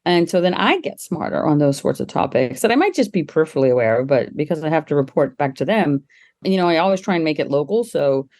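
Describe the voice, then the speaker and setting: A middle-aged woman, a guest on an interview podcast, telling lively stories and laughing often as she talks. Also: fast. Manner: lively, acts out quoted people with jumps in pitch. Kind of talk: casual interview storytelling.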